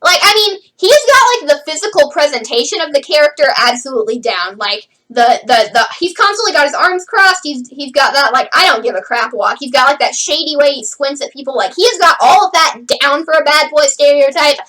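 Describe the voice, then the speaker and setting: A woman reviewing a show in a casual, sarcastic way, her high voice swooping up and down as she goes. She has a bright, sharp tone and keeps dropping "like" into her sentences. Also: expressive, fairly quick, few pauses, rough recording. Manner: chatty, sarcastic, lots of "like" fillers. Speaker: host reviewing a TV series.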